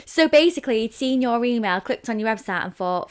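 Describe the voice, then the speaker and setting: A woman co-hosts a podcast, her voice a little higher than most and bouncing all over the place. She jumps in eagerly to react and finish her friend's thoughts. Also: animated, brisk, clean tone. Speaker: podcast co-host. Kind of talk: casual chat.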